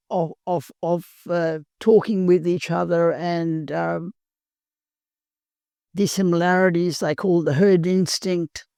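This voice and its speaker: An older woman from Perth with an Australian accent, telling her recovery story in a halting, earnest way, full of pauses. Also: on the low side, vocal fry, a little mellow, no room sound, clean studio sound. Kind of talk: personal recovery testimony.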